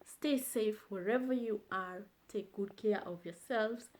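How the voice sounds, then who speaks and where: A woman, hosting her own channel and teaching phrases, repeating each one slowly and encouragingly. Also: mid-range voice, a little mellow, slight background noise. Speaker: language teacher, channel host. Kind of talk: slow, repetitive vocabulary lesson.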